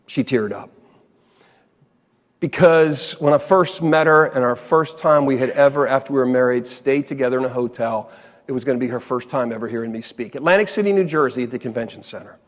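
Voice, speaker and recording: Speaking a little fast in a medium-pitched voice, a man gives a storytelling keynote to a live crowd. His comic, animated tale turns quiet and earnest partway through. The large hall adds long reverb.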